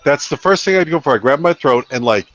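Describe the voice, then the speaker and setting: Profane, animated man telling stories. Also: medium pitch, fast talker. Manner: animated storytelling, swears a lot, acts out quotes. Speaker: co-host of a live fight betting stream. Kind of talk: casual profane banter.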